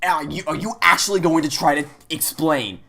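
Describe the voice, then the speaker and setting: A man commentating a let's play, frantic and incredulous, stammering and cursing in loud outbursts. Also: a little high, normal speed, creaky. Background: game music.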